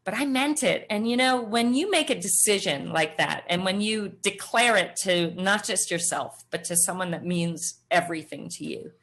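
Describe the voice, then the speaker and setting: A middle-aged woman, a podcast guest, telling her personal story in an animated way and acting out the voices of others. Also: medium pitch, normal speed, hardly any pauses. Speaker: guest, former triathlete. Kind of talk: storytelling interview answer.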